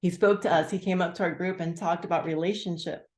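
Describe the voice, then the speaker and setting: A woman leading a group, sharing her story candidly and haltingly, full of "like" fillers, on a video call. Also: lowish voice, fairly even intonation, reverberant. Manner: candid, halting, many "like" fillers, bursts of acted-out quotes. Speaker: team leader sharing gratitude.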